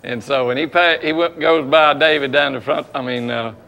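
Gravelly-voiced man telling a racing yarn. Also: fairly high pitch, fairly even intonation, moderate pace, bright, forceful tone. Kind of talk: casual storytelling among old racers.

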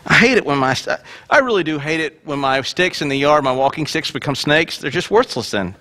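A male pastor preaching a sermon in a church, lively and joking, acting out the dialogue in voices. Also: a little high, fairly quick.

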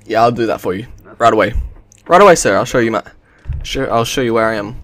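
A man giving casual, jokey commentary as he plays a stealth game, swearing and bursting into excited shouts. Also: fairly low pitch, fast. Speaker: gameplay commentator.

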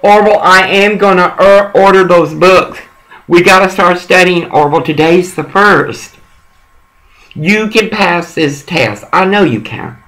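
A man's voice: high voice, a little slow, a bit bright. A middle-aged man on a one-sided phone call, rambling, coaxing and profane. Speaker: caller.

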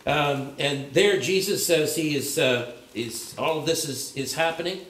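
Male pastor with a high voice in an echoing church. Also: a little slow, a bit bright. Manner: conversational, searching, frequent restarts and fillers. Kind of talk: sermon. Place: church sanctuary. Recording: echoey church room.

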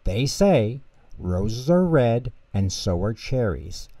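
A man voicing a big kindly male bear in a bedtime storybook, gentle and warm-hearted. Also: mid-range voice, big pitch swings, slow pace, no room sound.

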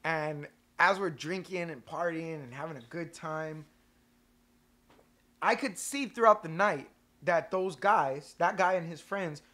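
A young man, a band member co-hosting a casual podcast, tells a story in an unhurried, somewhat high voice. He swears a lot and animatedly acts out what the other people said.

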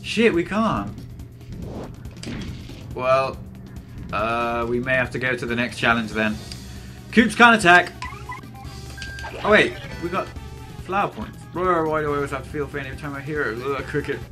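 A man's voice: medium pitch, expressive, moderate pace, long pauses, over music. A young man giving casual let's-play commentary, rambling and swearing freely. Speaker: gameplay commentator.

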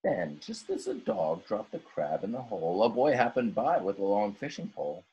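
A male teacher reading a rhyming story aloud in an expressive, sing-song way. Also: lowish voice, moderate pace, slightly rough, muffled recording.

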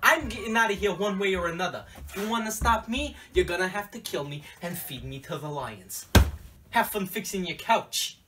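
A man playing a fed-up young adult son leaving home in a comedy sketch, talking deadpan and sulky with bursts of shouting. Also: high-pitched, normal speed, faint music behind. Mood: defiant.

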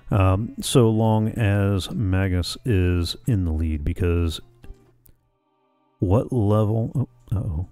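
A man talks his way through a video game in a relaxed, chatty, thinking-aloud manner. His voice sits very low with a gravelly edge and a dark, mellow tone. Faint game music plays underneath. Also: dry recording. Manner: chatty, muses aloud, reads game dialogue plainly. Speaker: let's play host. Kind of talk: casual gameplay commentary.

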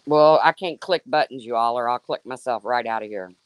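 A woman's voice: a bass voice, fairly quick, no room sound. A woman hosting a livestream, sarcastically calling out a rival and answering her chat by name. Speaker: livestream host. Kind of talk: confrontational livestream rant.

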